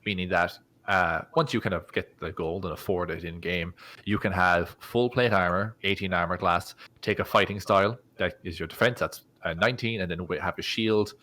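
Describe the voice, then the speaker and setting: Brief: male podcast co-host, deep voice, enthusiastic rules explainer. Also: moderate pace, pushed and bright. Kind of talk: casual chat about tabletop games.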